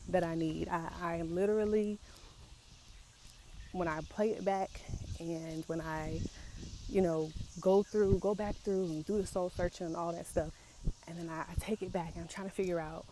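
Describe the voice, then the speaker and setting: Faint insects can be heard outdoors as a young woman records a raw confessional vlog about difficult emotions. Her warm, fairly low voice is halting and emotional, often returning to repeat things, over slight background noise.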